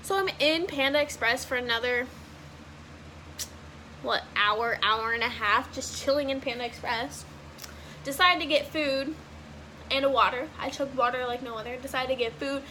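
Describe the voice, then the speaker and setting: A young woman vlogger from Washington state with a high, bright voice tells a long story in a loose, rambling way. She leans on fillers and curses casually. A faint hiss sits under the recording. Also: moderate pace, pauses often. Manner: casual, rambling, heavy use of "like", swearing. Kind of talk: storytime vlog.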